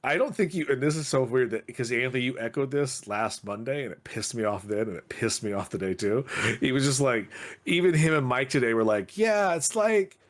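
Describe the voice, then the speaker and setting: A man's voice: medium pitch, brisk. A middle-aged man, co-host of a podcast, telling a story in casual chat with a wry, snarky delivery.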